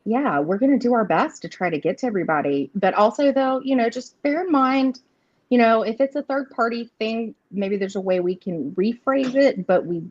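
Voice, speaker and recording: A woman's voice: a little high, normal speed, darkish tone, no echo. A woman reading tarot and oracle cards in a casual live stream chat, rambling with many "you know" fillers and frequent laughs. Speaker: tarot and oracle card reader. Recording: dull lo-fi stream audio.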